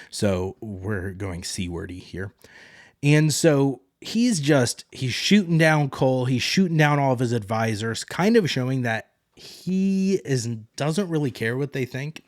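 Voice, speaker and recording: Male podcast host, mid-range voice, relaxed chatty recap with loose paraphrase. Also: mid-range voice. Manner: loose, rambling retelling with paraphrased quotes. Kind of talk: casual TV episode recap.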